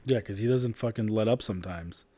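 A man's voice: fairly low pitch, a little fast, warm tone. A man in his thirties co-hosting a casual podcast chat about his kids, talking bluntly, swearing and laughing often. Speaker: podcast co-host.

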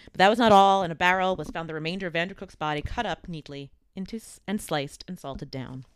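A woman's voice: lowish voice, quick pace, a little hiss or hum. A woman co-hosting a podcast, casually telling a true-crime story and reading old newspaper accounts. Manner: lively storyteller, acts out quoted voices. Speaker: podcast co-host.

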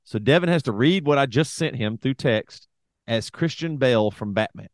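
A man's voice: mid-range voice, lively intonation, normal speed, dry recording, studio quality. A man co-hosting a podcast, joking and reading out listener requests in casual banter. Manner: joking, laughs often. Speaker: podcast co-host.

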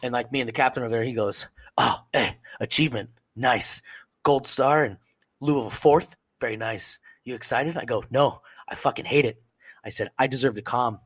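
A man co-hosting a casual podcast, telling a profane, animated story and acting out what other people said. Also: medium pitch, normal speed, slightly rough. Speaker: podcast co-host, service member.

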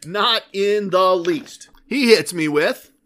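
A man's voice: high voice, slow pace, a bit bright. A man hosting a podcast, telling a story in a chatty, wry way and laughing at himself. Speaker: podcast host.

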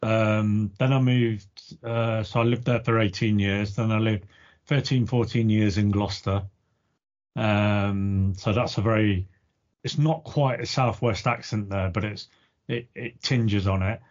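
A fairly low-voiced man from the East Midlands of England, chatting loosely on a podcast. He rambles along with plenty of ums and uhs. The sound is muffled and lo-fi. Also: measured pace. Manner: relaxed, rambling, heavy with ums. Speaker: podcast co-host. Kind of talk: casual chat. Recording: dull lo-fi podcast audio.

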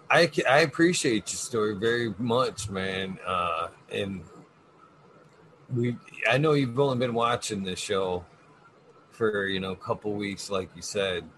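Laid-back host with a low voice. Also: male voice, a bit bright, slight background noise, rough recording. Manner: laid-back, drawn-out, friendly. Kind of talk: casual chat.

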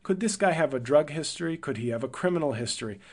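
A man's voice: lively intonation, fast. A man hosting a podcast, telling a long personal story in a casual, rambling way, correcting himself as he thinks aloud. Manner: livelier and higher when quoting people. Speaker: podcast host.

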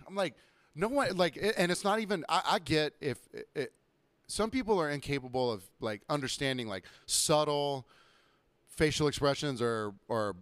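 A young man hosting a podcast, ranting profanely about bartending and customers, now and then mimicking them in a higher voice. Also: lively intonation, moderate pace, a bit bright, dry recording. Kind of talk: casual podcast rant.

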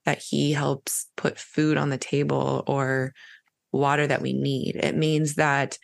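A woman hosts a faith-centered chat in a low voice. There's a gravelly fry running through her words. She speaks to her guest in an encouraging way and keeps coming back to God's provision. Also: little pitch movement, takes it slowly. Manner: warm, encouraging, talks about God. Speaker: podcast host. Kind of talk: casual faith conversation.

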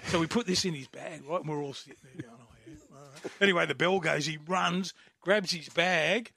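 A man's voice: fairly high pitch, fairly quick, creaky, bright, forceful tone. An Australian man, a former rugby league player co-hosting a casual radio chat, telling rambling anecdotes and laughing often.

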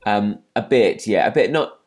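A man's voice: on the low side, normal speed. A man co-hosting a casual podcast over a video call, chatty and self-mocking, rambling with lots of fillers. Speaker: podcast co-host. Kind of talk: casual chat.

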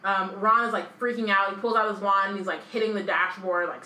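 A woman's voice: mid-range voice, fairly even intonation, fairly quick, bright, forceful tone. A woman co-hosting a casual book podcast, chatty and full of "like" and "um", reading aloud and chatting. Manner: chatty, lots of "like" and "um". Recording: echoey room with faint noise.

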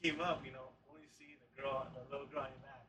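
A man retelling a story in a relaxed, casual chat among friends, trailing off quietly. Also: mid-range voice, fast, crowd noise. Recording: distant mic with background noise.

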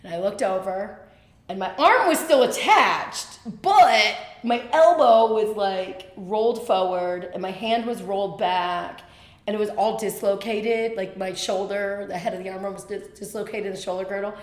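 A woman telling a personal story as a podcast guest, animated and quick, with lots of fillers. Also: medium pitch, roomy sound.

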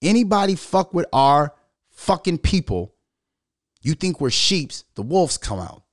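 Animated, profane middle-aged man. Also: a little high, unhurried, no room sound, clean studio sound. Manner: loud, profane, animated storytelling. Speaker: commentary vlogger. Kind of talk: unscripted profane rant.

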